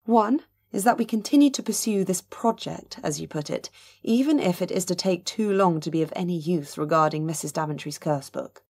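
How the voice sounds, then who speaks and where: A woman's voice: on the low side, moderate pace, hardly any pauses, darkish tone. A woman reading an audiobook, voicing an eager, forthright young woman. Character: young woman Gussie, impetuous and determined.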